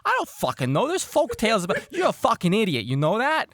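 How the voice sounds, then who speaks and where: A man putting on angry cursing sailors, high and loud. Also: huge pitch swings, fast, dry recording, heavily acted. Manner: shouting, swearing, scornful.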